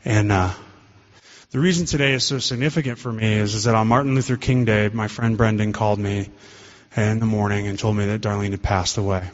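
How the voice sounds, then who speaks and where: A man's voice: fairly low pitch, fairly even intonation, fairly quick. A man giving an earnest, conversational recovery talk as a guest speaker, with fillers, on a dull lo-fi recording with hall reverb.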